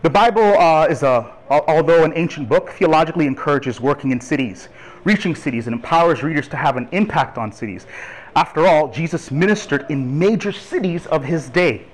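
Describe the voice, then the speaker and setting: Brief: man in his 30s, a Toronto native, animated church speaker with a slightly raised voice. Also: fairly high pitch, a little fast, poor audio. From Toronto, Canada. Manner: lively, chatty, laughs with the audience. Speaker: guest speaker on urban ministry. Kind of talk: church talk to a congregation.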